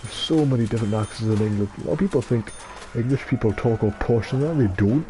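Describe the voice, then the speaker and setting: Talking fast at a medium pitch, a Scottish lad of around nineteen streams a game and chats casually late at night. He's dopey-sounding, rambling and self-deprecating, tripping over words, with game noise loud in the background.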